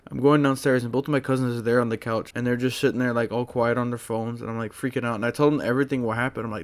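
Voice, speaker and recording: A man telling a story to his channel in a casual, rambling way, full of fillers and excited restarts. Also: medium pitch, quick pace. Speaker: vlogger.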